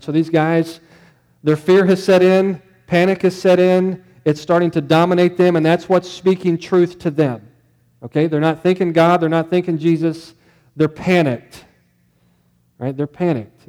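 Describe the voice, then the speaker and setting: A man's voice: on the high side, darkish tone. A male pastor giving a sermon in a conversational way, often putting questions to the congregation.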